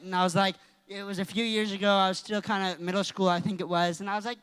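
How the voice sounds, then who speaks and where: Excitable teenage boy in a reverberant hall. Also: sits high, fast, hardly any pauses, clean tone. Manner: excitable, rambling storytelling. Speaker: youth speaker. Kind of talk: youth group talk. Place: church hall.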